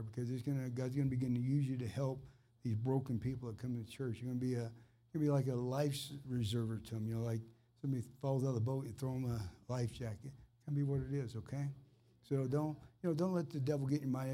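An earnest man in informal ministry, talking straight to one listener in a plain, conversational flow. His voice sits at an ordinary middle pitch, neither deep nor high, and carries a fervent edge. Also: fairly even intonation, quick pace, mellow. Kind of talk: informal preaching and personal ministry.

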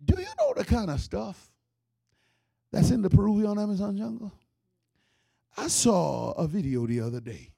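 A man spinning a comic story, his voice high and swinging wildly up and down. There is a gravelly, husky grain under his loud outbursts, and he sounds close and dry. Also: no echo. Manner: animated, with loud outbursts and laughs. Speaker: comedian. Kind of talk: comedic storytelling.

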